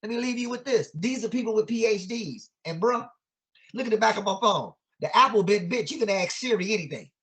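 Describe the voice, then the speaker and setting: A man's voice: high-pitched, animated, brisk, a bit bright. Male educator guest; emphatic, sermon-like teaching delivery with lots of rhetorical questions and casual vernacular phrasing. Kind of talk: impassioned conversational teaching.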